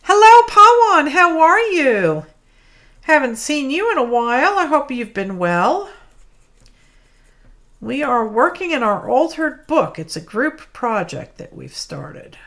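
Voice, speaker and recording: A woman talks through a craft project on a livestream in a relaxed, slow-paced way. She keeps up friendly chatter, greeting and thanking her viewers by name. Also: on the high side. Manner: chatty, greets viewers by name, apologetic about mispronouncing names. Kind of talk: chatty live craft demonstration. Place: home craft studio.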